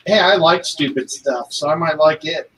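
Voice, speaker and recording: Man, stream guest, casual chat, fairly high voice, playful, self-deprecating, far from mic, faint background noise. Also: moderate pace, fairly bright tone.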